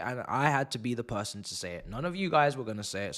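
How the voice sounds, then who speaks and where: A young man hosting a live football watch-along, talking sarcastically and swinging between muttered asides and loud rants. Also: mid-range voice, lively intonation, fast talker, few pauses.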